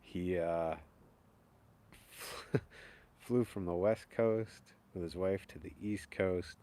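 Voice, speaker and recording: A man's voice: low-pitched, slow pace, warm tone. A young man chatting casually and rambling on a live stream, chuckling often. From upstate New York. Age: young adult. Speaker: chainsaw carver hosting a live stream.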